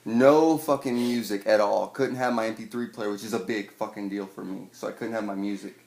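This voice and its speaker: A young man in his twenties, swearing a lot and telling a personal story with wry humor, acting out scenes loudly at times. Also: lowish voice, fairly even intonation, a little fast, creaky. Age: 20s. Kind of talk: personal storytelling, stand-up style. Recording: echoey room with faint noise.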